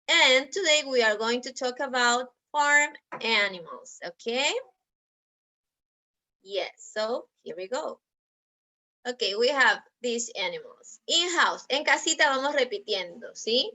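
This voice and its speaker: Slow, bright woman teacher. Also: a little high. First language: Spanish. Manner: slow, drawn-out repeat-after-me drilling. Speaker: English teacher. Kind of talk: online class for young children.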